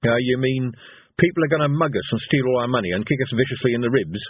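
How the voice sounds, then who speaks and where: A man's voice: mid-range voice, quick pace, husky, natural voice. A man voicing a nervous, cowardly male wizard who sounds anxious and sarcastic. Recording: tinny phone-like sound.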